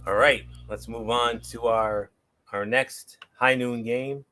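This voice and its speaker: A man hosting a casual football picks show, giving a plain, steady rundown of each game with a few fillers. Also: medium pitch, takes it slowly. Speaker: show host. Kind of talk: casual sports picks chat.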